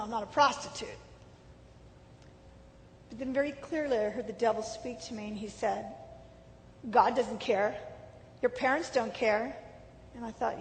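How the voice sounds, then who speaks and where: Middle-aged woman, earnest testimony talk, higher voice, recorded in a reverberant hall with a faint rumble. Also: gravelly. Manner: earnest, emotional storytelling. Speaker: speaker giving testimony.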